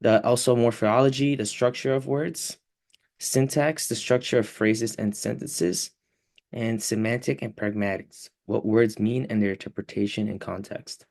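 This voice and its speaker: A young man explaining a class topic as a student presenter, pausing often with fillers. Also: fairly low pitch, fairly even intonation, gravelly, darkish tone.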